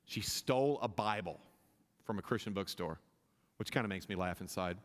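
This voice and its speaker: A pastor preaching a sermon, impassioned, often restarting his sentences and building to louder, higher climaxes. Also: moderate pace. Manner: impassioned, rising in pitch and volume at climaxes, many restarts. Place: church sanctuary. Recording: long reverb of a church hall.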